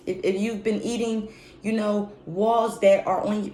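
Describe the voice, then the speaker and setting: A woman's voice: medium pitch, measured pace, warm tone. A woman hosting a podcast, venting in a blunt, profane, unscripted monologue. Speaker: podcast host. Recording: roomy echo, faint background noise.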